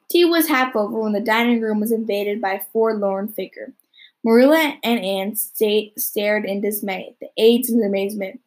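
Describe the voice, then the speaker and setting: A woman's voice: on the high side, darkish tone, slightly rough. A young woman reading a novel chapter aloud, with the odd slip and restart. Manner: occasional slips and restarts. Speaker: audiobook reader.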